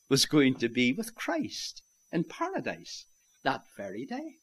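A man gives a sermon with wildly swooping pitch, his medium-pitched voice husky and a little slow. He alternates loud declarations with hushed, near-whispered lines, calling the audience "my friends."

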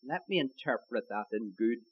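A man's voice: medium pitch, expressive, normal speed, lo-fi sound. A man with an Irish accent preaching a sermon, emphatic, repeating his key lines and calling his listeners his friends.

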